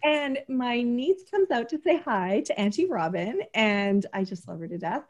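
A woman's voice: fairly high pitch, sing-song, moderate pace. A woman in her forties hosting a podcast interview, chatty and self-deprecating, with many fillers and restarts. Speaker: podcast host. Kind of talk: casual interview chat.

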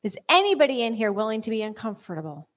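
A woman's voice: on the high side, sing-song, fast talker. A woman preaching to a church congregation, then leading them in fervent, exhorting prayer. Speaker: worship leader. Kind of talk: sermon and spoken prayer. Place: church sanctuary.

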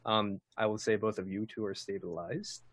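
A man running a tabletop game as game master, narrating in a measured way with small hesitations. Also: lowish voice, steady tone, fairly bright tone, no echo.

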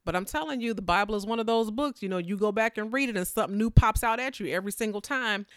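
A woman preaching a sermon in a conversational, animated way, acting out the people in the story with playful voices. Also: mid-range voice, fast talker, dry recording, clean studio sound.

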